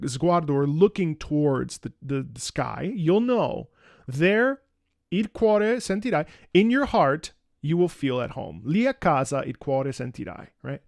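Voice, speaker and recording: A man's voice: fairly high pitch, vocal fry, darkish tone, no room sound, studio quality. A man hosting a casual music breakdown video, talking enthusiastically and asking rhetorical questions. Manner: enthusiastic, sings snippets and asks rhetorical questions. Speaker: music analysis video host.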